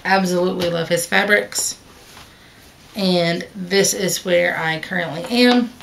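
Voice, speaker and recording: Chatty woman with a low voice. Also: unhurried, creaky, a bit bright, a little hiss or hum. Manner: chatty, rambling, with fillers and self-corrections. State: hiccups. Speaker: cross-stitch vlogger. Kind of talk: casual chat to camera.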